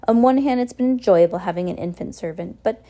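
A woman reading aloud and voicing a vain, fashion-obsessed villainess who gushes flattery. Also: medium pitch, fast talker, close to an everyday voice. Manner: gushing, flattering.

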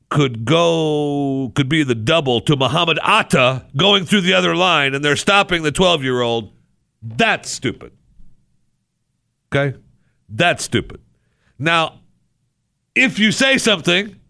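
A male radio host ranting sarcastically in a talk show monologue, with loud exasperated bursts. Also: fairly high pitch, creaky, no room sound, clean studio sound.

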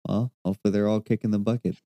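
A man's voice: on the low side, steady tone, very fast, warm tone. A man co-hosting a casual podcast who reads out items in a hesitant way, with many ums and uhs. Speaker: podcast co-host. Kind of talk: casual chat, reading out items.

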